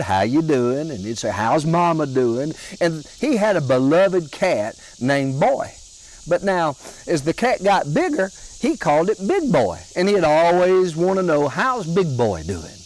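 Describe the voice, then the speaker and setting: A man telling comic family stories in a slow, folksy, drawn-out way. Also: a little high, darkish tone, rough recording. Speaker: storyteller comedian.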